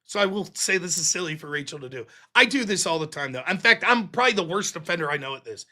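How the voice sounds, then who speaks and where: A man's voice: on the high side, lively intonation, quick pace, pushed and bright. A man hosting a livestream, ranting casually and profanely about a debate, laughing often. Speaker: livestream host.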